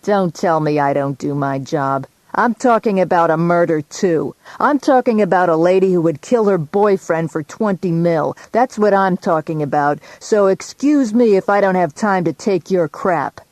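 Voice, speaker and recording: A curt, combative male detective, snapping and loud, as a woman reader puts him on. The tone stays low-pitched and dry. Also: animated, normal speed, few pauses, no echo, close to an everyday voice. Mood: irritated. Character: blunt, irritated male police detective.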